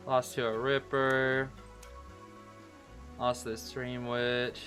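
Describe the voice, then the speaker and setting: A man streaming a casual gameplay recap who is excitable, repeats his words and keeps calling his listeners bro. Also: medium pitch, extremely slow, soft background music. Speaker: game streamer.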